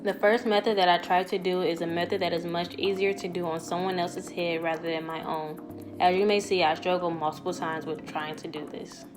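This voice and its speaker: A woman's voice: lowish voice, fairly even intonation, a little fast. A young woman hosting a hair tutorial vlog, chatty and teasing, walking viewers through each step. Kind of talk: casual tutorial vlog with voice-over. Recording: music playing underneath.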